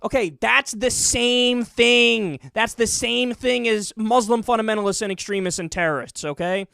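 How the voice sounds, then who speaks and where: A man rants through political commentary with biting sarcasm, often mimicking the people he mocks. His voice sits high with a gravelly edge, and at times he pushes toward an angry shout. The sound is dry and close, with no room echo. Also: fairly even intonation, moderate pace. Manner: sarcastic, mocking, mimics opponents in put-on voices; grows loud and angry, near shouting.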